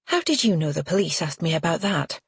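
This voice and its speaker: A neat, frosty older widow with a Scottish accent, clipped and proper, her voice quavering when upset, as a woman puts her on. The tone is slightly husky and a touch low. It sits close and dry with no room around it. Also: big pitch swings, brisk, no echo, exaggerated voice.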